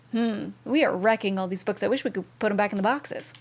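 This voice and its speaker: A woman's voice: medium pitch, quick pace. A young woman streaming a video game, chatting in an upbeat way and thanking viewers by name. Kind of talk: casual live-stream commentary.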